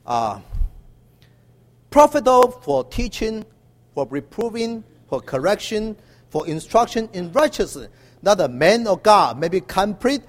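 In this sermon, a male preacher speaks in a high, animated voice that echoes long through a hall. He halts often with many "uh" fillers and leans into emphatic call-and-response.

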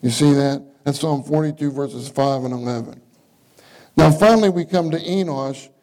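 A man's voice: fairly high pitch, normal speed, dark tone, poor audio. A male preacher giving a conversational sermon at a church meeting, often putting questions to his listeners. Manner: interactive, questions the congregation.

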